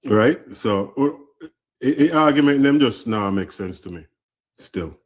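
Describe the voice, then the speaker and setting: A man's voice: mid-range voice, expressive. A man with a Jamaican accent arguing his point in a live stream debate, stumbling and repeating words as he builds his case. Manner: argumentative, halting with repeated words. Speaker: debate caller.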